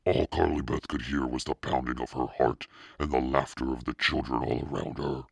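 A man narrating a children's novel in a steady, plain way. His voice sits extremely low, with a gravelly, husky grain. The recording is close and dry. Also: moderate pace, no room sound. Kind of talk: audiobook reading.

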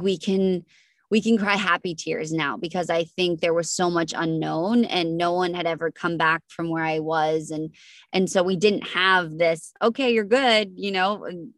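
A woman's voice: fairly low pitch, no room sound, studio quality. A young woman guest on a podcast, telling her story earnestly with many restarts and fillers. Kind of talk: emotional storytelling interview.

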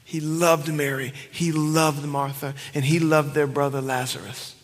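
A man's voice: on the high side, little pitch movement, unhurried. Impassioned preacher man, echoing church hall. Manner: swings between loud emphatic cries and hushed whispers. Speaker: pastor. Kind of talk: sermon. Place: church sanctuary. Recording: long church hall reverb.

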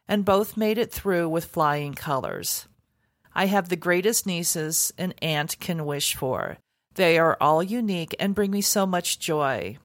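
A woman hosts a food podcast in a somewhat low voice. Her delivery is earnest and heartfelt. The sound is dry and close. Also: no room sound. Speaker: podcast host. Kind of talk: scripted podcast intro and interview.

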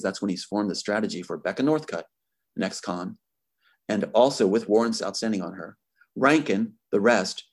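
A man appears as an interview guest, making accusations in angry, emphatic, impassioned talk. His voice is on the low side and slightly rough.

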